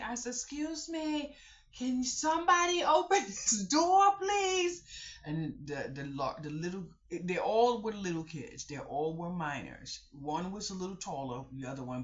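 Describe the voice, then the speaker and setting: A woman's voice: sits low, lo-fi sound. A woman telling viewers a personal story in a casual, colloquial way, talking to them directly and restarting often.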